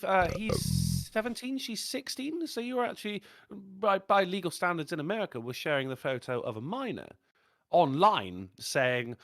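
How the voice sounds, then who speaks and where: A man co-hosting a livestream, swearing freely and telling animated stories. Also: fairly high pitch, no room sound, clean studio sound. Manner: animated, profane storyteller. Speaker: livestream co-host. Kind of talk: casual political livestream chat.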